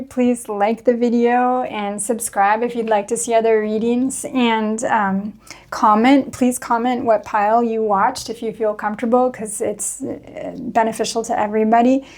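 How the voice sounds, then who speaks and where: A woman hosting a spiritual tarot reading, speaking gently and earnestly, pausing often and reading card meanings aloud from a guidebook. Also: fairly high pitch, level tone. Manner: gentle, earnest and reflective, with many pauses and fillers. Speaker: tarot reader, channel host.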